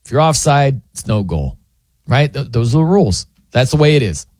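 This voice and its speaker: A man's voice: medium pitch, moderate pace, dry recording, studio quality. A man hosting a sports radio show, telling a story in a casual, jokey way and acting out what people say. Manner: animated, jokey storytelling with acted-out quotes. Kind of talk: casual sports talk monologue.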